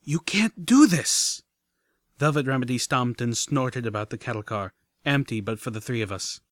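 Steady male audiobook narrator. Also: medium pitch, a little fast, no room sound, clean studio sound.

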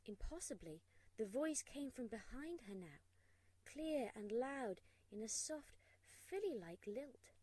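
High-voiced woman reading a story. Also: takes it slowly, no room sound, rough recording. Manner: expressive, hushed in tense moments. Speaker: narrator. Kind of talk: storybook narration.

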